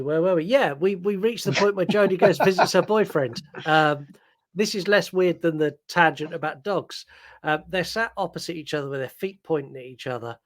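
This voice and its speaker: A man with a fairly high voice co-hosts a podcast and chats loosely about a film. He rambles and fills his talk with "like" and "um". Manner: chatty, rambling, lots of "like" and "um". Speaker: podcast co-host. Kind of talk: casual chat recapping a film.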